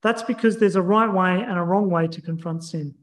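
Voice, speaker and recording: Earnest high-voiced male preacher. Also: fairly bright tone, low-quality recording. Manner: earnest, measured teaching with scripture readings. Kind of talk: sermon.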